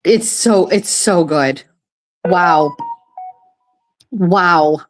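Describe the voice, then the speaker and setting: A woman chatting casually on a live stream from her kitchen table, excitable and swearing, often gasping and laughing. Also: on the low side, very slow, soft background music.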